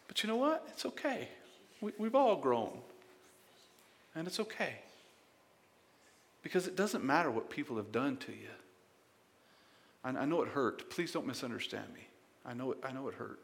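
A man preaching a sermon as pastor, emphatic and conversational, swinging between loud bursts and quiet asides and often repeating words. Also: mid-range voice, big-room sound.

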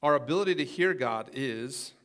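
A middle-aged man preaching in a relaxed, folksy way, slipping in jokes as he goes. His voice sits at an ordinary pitch for a man. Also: moderate pace. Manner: folksy, joking, with football stories. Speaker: pastor. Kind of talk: sermon.

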